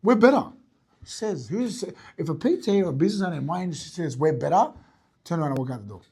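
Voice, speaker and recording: A fitness business owner teaching a group about sales. He talks blunt and energetic, swears casually and keeps checking in with "right?". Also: on the high side, quick pace, husky. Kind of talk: teaching talk to an audience.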